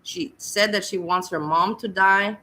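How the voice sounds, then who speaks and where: Woman, commentary host, scornful, blunt, bright tone. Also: mid-range voice, fairly even intonation, a little slow, rough recording. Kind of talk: reaction commentary.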